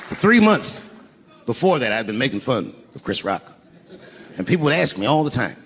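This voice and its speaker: An older man telling a profane, animated stand-up story on an arena stage, acting out voices as the crowd laughs. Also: medium pitch, moderate pace. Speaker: stand-up comedian. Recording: live arena recording with crowd noise. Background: crowd laughing and cheering.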